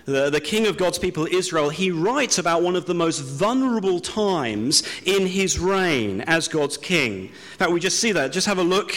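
A man from Britain preaching a sermon, telling a self-deprecating story with slow, drawn-out pauses. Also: high-pitched, fairly bright tone. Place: church hall. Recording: long hall reverb.

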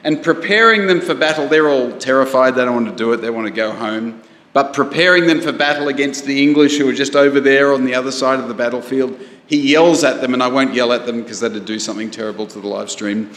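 A man's voice: medium pitch, fast, a bit bright. A man preaching a sermon in a conversational way, asking the congregation questions, recorded for a live stream. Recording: echoey hall, live stream.

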